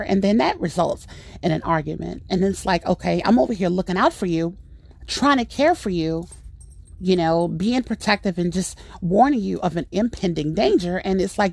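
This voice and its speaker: Gravelly, exasperated woman podcaster. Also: medium pitch, moderate pace. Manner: animated, exasperated, rambling with fillers. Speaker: podcast host. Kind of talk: casual storytelling monologue.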